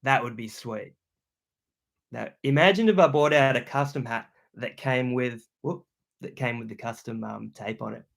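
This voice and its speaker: A young Australian man hosts his own livestream, talking loudly and casually in relaxed slang as he reads out comments. His mid-pitched voice carries a gravelly edge. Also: moderate pace. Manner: loud and chatty, slangy. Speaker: YouTuber hosting a livestream.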